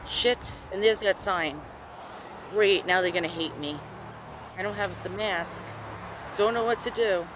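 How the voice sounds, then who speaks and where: A woman vlogging on her phone from inside a parked car, rambling anxiously, swearing a lot and talking loudly when nervous. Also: medium pitch, unhurried, pauses often, background noise. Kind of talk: nervous selfie vlog.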